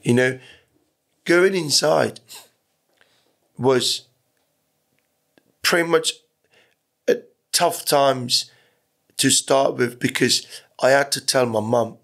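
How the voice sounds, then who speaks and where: Gravelly middle-aged man telling stories. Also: medium pitch, takes it slowly, pauses often, fairly bright tone. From Iran. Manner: candid, swears freely, rambling. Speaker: podcast guest. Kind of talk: casual storytelling interview.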